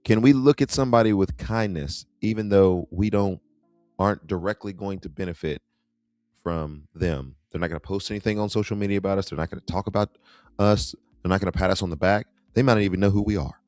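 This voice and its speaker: Deep-voiced middle-aged man hosting. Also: fairly quick, a little mellow, no room sound, faint music behind. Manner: chatty, wry asides, reacts to clips. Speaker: host. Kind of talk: casual livestream commentary.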